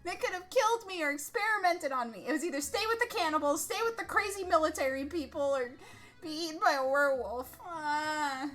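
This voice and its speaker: A woman streamer playing a text adventure game live, reading it out and reacting in an excitable, dramatic way with lots of swearing. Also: high-pitched, a little fast, soft background music.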